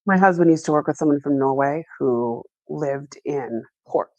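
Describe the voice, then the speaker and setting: A woman co-hosts in easy conversation, listening closely and jumping in with her own stories. Her voice sits a little low, and the sound is dry and close. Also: normal speed, a little mellow, dry recording, dull audio. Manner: engaged, responsive listener. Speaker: podcast co-host. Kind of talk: casual chat.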